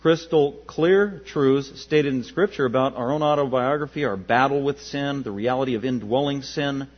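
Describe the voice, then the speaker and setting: A pastor preaching a sermon with emphatic rises to loud peaks and drops to quiet asides, his voice a bit husky. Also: medium pitch, moderate pace. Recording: dull lo-fi with mains hum.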